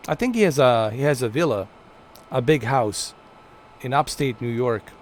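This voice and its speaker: A man with a medium-pitched, animated voice streams a flight game, offering chatty, playful live commentary to viewers at a moderate pace. There's slight background noise.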